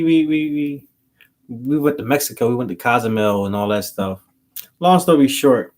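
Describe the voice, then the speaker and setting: A man's voice: mid-range voice, vocal fry. A man, rambling through a story to his channel in loose, slangy talk. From Philadelphia. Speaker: vlogger. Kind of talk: casual storytelling to camera.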